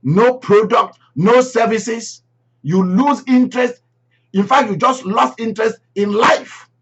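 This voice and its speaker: A man preaching a sermon, emphatic and repeating key phrases, swinging between loud and soft. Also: very high voice, measured pace, breathy edge. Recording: dull lo-fi recording.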